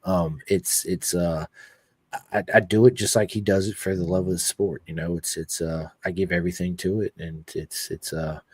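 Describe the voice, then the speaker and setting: A man hosting a casual podcast, reading viewer comments aloud and talking emotionally and excitably, with casual swearing. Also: low-pitched, moderate pace, breathy edge, dry recording, studio quality. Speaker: podcast host.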